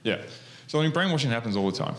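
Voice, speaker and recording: A man's voice: medium pitch, expressive, very fast, fairly bright tone, a little hiss or hum. A man, co-hosting a podcast and explaining hypnosis in loose, rambling chat full of fillers. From Australia. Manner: rambling, many fillers and restarts.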